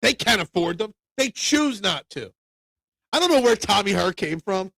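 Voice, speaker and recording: A man's voice: high voice, expressive, normal speed, creaky, pushed and bright, dry recording. A man hosting a casual sports talk stream, rambling through opinions and answering viewer comments. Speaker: sports talk show host.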